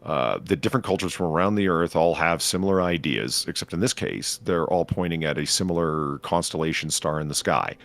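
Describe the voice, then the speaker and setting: A man's voice: low-pitched, brisk, hardly any pauses, fairly bright tone. A man co-hosting a casual podcast, ranting profanely and sarcastically about a movie's plot. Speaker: podcast co-host. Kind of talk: casual chat reviewing a film.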